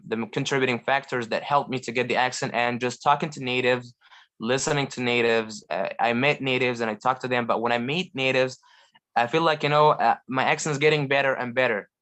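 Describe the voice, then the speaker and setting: A man from Egypt talks with eager, earnest energy on a live video chat. His pitch sits in the middle range, and he stops often with fillers and restarts sentences as he goes. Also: a little fast, a bit bright. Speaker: guest language learner. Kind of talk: casual chat on a live call.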